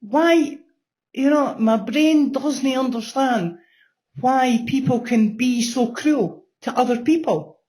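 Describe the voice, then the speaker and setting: A woman's voice: sits high, slow pace, darkish tone. A woman in her sixties giving a blunt personal testimony in an interview, swearing freely and repeating phrases for emphasis. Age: 60s. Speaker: interview guest.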